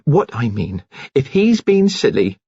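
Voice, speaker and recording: Brief: a man putting on a prim, prissy nurse lady, shrill and scolding, husky edge, dull lo-fi read. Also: big pitch swings, unhurried, mellow, dry recording, heavily acted. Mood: indignant. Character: indignant prim middle-aged nurse woman.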